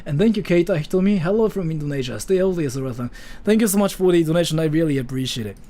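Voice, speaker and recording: A man's voice: a little high, expressive, fast talker, warm tone. A man, chatting playfully on a livestream and reading donations. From Japan. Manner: playful, rambling, reads donations aloud. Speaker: streamer and voice actor. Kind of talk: casual livestream chat.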